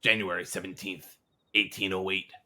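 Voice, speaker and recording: A man in a put-on pirate accent voicing a solemn old-time pirate captain as he reads journal entries aloud in a low, formal way. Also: level tone, bright, forceful tone. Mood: grave. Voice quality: low, measured and grandly formal.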